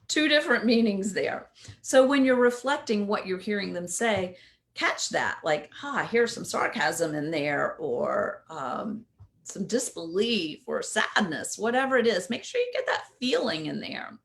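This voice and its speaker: A woman coach talks through a lesson in a relaxed, chatty way. Her pitch sits mid-range but swings widely and expressively, and she keeps checking in with her listeners with a quick "right?". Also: vocal fry. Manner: conversational, often asks "right?". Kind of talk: casual instructional talk.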